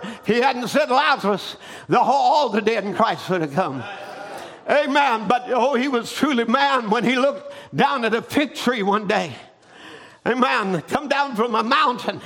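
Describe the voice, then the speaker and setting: A man preaching a fervent sermon, retelling a conversation and often breaking into shouted hallelujahs. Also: very high-pitched, animated, moderate pace. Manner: retells a conversation, quoting both sides.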